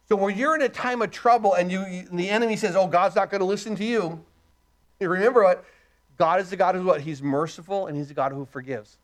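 A man with a high voice delivers a sermon, reading scripture verses aloud. He keeps putting rhetorical questions to the congregation, rising to loud emphasis and dropping low and quiet. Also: a little fast. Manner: emphatic preaching, asks the crowd rhetorical questions, swings loud and soft. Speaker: pastor.

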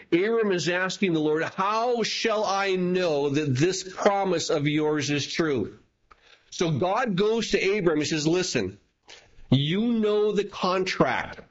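Male preacher, fairly high voice, teaching tone with rhetorical questions; muffled lo-fi recording. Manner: teaching, reads scripture aloud and explains with rhetorical questions. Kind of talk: sermon. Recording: dull lo-fi recording.

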